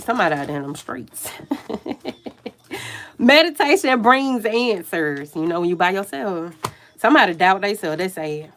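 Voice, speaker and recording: A woman with a country Southern accent doing a live tarot reading, loud and profane, often laughing and stumbling over her words. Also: mid-range voice, slight background noise. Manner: profane, slangy, self-interrupting. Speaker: tarot reader.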